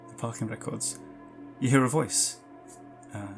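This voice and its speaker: Gravelly-voiced man running a tabletop game. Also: medium pitch, steady tone, unhurried, long pauses, soft background music. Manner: loose, descriptive, with fillers. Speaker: game master.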